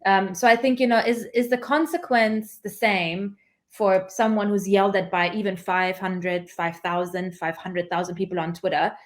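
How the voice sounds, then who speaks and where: A woman's voice: mid-range voice, steady tone. Thoughtful woman academic guest. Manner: thoughtful, measured, many "um"s. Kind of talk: conversational interview.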